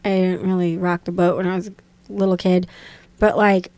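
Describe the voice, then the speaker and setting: A woman's voice: fairly low pitch, normal speed, no echo. Dry-sounding woman chatting animatedly. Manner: animated, mimics voices in anecdotes. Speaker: guest. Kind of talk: casual chat.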